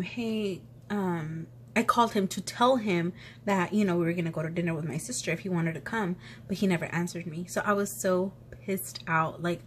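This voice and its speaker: A young woman vlogger telling a personal story in casual chat, sniffly and sneezing from allergies, animated and full of quoted back-and-forth. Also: fairly low pitch, slight background noise. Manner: chatty, animated retelling with quoted voices.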